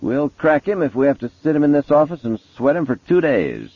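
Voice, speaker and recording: A man's voice: on the high side, sing-song, a little fast, husky, no room sound, voice pushed up, full character voice. A man doing a brash, cursing police chief. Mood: gruff, cocky. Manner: blunt, swaggering, cocky. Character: brash, profane middle-aged male police chief. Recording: tinny phone-like sound, dry.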